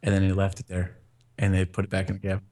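Speaking quickly in a low-pitched voice, a young man shares an amusing anecdote. He laughs a lot, wanders with filler words, and puts on lively character voices for the people he quotes.

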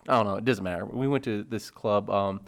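A man's voice: lowish voice, brisk, gravelly. A man co-hosting a podcast, telling rambling anecdotes and giggling in casual chat. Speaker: podcast co-host.

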